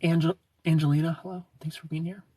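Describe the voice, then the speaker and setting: A man hosting a casual livestream, greeting viewers by name and answering their comments in a relaxed, chatty way. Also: a little high, fast talker, slightly rough, recorded from a distance. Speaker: livestream host.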